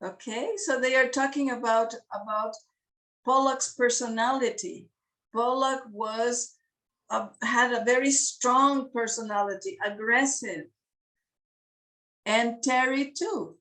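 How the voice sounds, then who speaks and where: Brief: patient woman teacher, slow, higher voice, a little far from the mic. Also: steady tone, sharp tone. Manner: patient, repeats words, laughs often. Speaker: English teacher. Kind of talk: slow classroom explanation to beginners.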